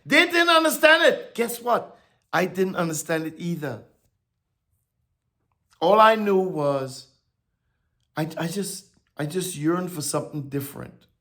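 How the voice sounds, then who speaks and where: A male preacher with a fairly high, gravelly voice delivers a sermon at a slow, deliberate pace. He stumbles over and repeats words, then builds to emphatic declarations before dropping back to a soft tone. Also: sing-song.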